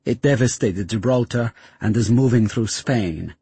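Audiobook commander: deep, cold, accusing, husky edge, read by a man. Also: measured pace, dark tone, no room sound, heavily acted. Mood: bitter. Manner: bitter, accusing. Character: menacing grieving military commander, man.

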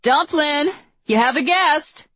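A woman doing a shrill sing-song mother. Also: slow pace, a bit bright, no room sound. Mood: teasing. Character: excitable middle-aged mother, loud and sing-song.

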